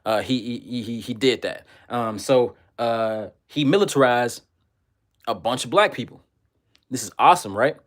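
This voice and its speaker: A man hosting a livestream, reading viewer comments and ranting with loud, profane, repetitive insults. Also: mid-range voice, moderate pace.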